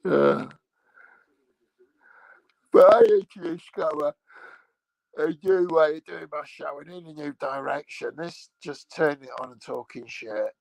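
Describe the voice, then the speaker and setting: A man with a gravelly, slightly high voice hosts his own show in a loose, rambling monologue. He talks slowly and swears freely, joking as he goes. The sound is close and dry. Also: big pitch swings, darkish tone, no room sound, rough recording. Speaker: streamer host.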